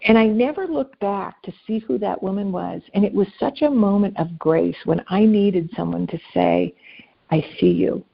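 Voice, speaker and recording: A woman guest telling personal stories in an earnest, conversational way, dropping softly at tender moments. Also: mid-range voice, moderate pace, creaky, few pauses, husky, muffled recording. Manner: earnest, anecdotal, speaks softly at emotional moments. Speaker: podcast guest. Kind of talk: conversational storytelling.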